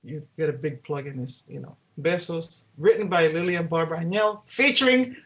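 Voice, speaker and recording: A woman singer-songwriter, a guest in an interview, telling stories in a lively way and acting out the dialogue she quotes. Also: deep voice, brisk. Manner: animated, acts out quoted dialogue. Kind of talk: storytelling in a casual interview.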